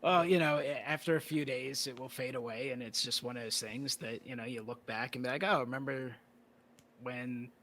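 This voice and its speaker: A male card-collector guest in a casual conversation, relaxed and rambling with plenty of "you know" fillers. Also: medium pitch, normal speed.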